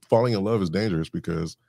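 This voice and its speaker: A man's voice: sits low, moderate pace, vocal fry, warm tone, dry recording, studio quality. A man talking as a guest on a podcast, reflective and thoughtful, working through ideas with lists and examples. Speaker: guest, communication specialist.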